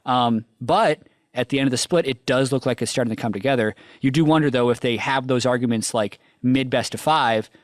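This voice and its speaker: A man's voice: mid-range voice, brisk, no echo. A man on an esports analysis panel, talking casually and animatedly, often laughing as he tells a story. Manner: animated, laughs while telling stories.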